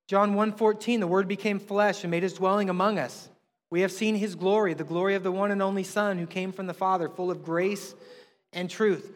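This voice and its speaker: A middle-aged man, a pastor, preaching a sermon in a conversational, animated way with emphatic rises. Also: high voice. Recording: long hall reverb.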